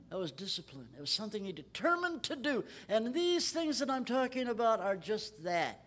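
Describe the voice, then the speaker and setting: A man preaching at a Bible study in a church, emphatic and rising in pitch when he quotes scripture. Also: sing-song, normal speed, hardly any pauses. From Texas. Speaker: pastor.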